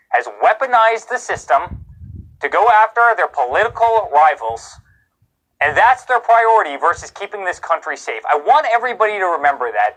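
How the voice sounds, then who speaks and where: Heated man, slightly high voice. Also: fairly bright tone, low-quality recording. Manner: heated, indignant, emphatic repetition. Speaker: interview guest. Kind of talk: live TV news interview.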